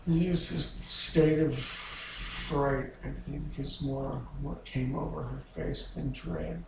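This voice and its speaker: A man's voice: a little high, steady tone, takes it slowly, vocal fry. A man in a therapy session bluntly recounting a painful memory, swearing now and then and laughing bitterly, recorded from a distance in a room. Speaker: therapy client. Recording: echoey room, mic far off, faint noise.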